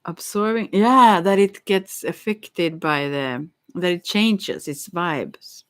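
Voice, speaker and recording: A woman's voice: on the low side, takes it slowly. A woman rambling in a casual monologue, musing dreamily, giggling and stammering with frequent restarts.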